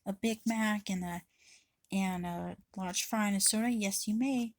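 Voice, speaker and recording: A woman's voice: mid-range voice, fairly even intonation, unhurried, dry recording, studio quality, lightly acted. A woman mimicking a fawning young male cashier. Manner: fawning, overly polite. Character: polite, eager young male fast-food cashier.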